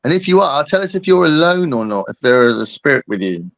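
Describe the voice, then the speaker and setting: A man's voice: fairly high pitch, very animated, fast, creaky, a bit bright, no echo, muffled recording. A man hosting a casual chat, rambling and joking with lots of fillers. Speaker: host.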